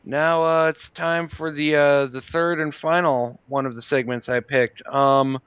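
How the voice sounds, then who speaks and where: Rambling, smooth-voiced podcast host. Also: male voice, fairly high pitch, steady tone, unhurried, dry recording, highs cut off. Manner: rambling with many fillers. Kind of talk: casual podcast chat.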